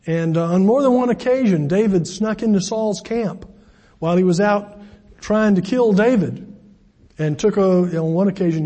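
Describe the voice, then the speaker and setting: Male preacher, high and breathy, conversational sermon with wry asides, long hall reverb. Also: warm tone.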